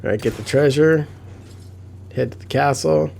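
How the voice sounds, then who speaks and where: A man giving casual gameplay commentary, excitable, often laughing and swearing when he gets frustrated. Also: fairly high pitch, normal speed, gravelly, slight background noise. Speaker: gaming commentator.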